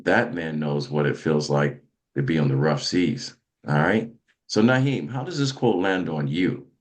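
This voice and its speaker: A man with an extremely deep voice hosts a motivational podcast. He speaks emphatically, like a preacher, often restarting his sentences. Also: a little slow. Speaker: host.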